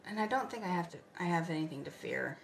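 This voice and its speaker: Fifties woman, gravelly, chatty livestream host answering comments from home. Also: lowish voice, expressive, fast, a little hiss or hum. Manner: chatty, reads and answers viewer comments, drifts into soft asides. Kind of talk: casual late-night livestream chat.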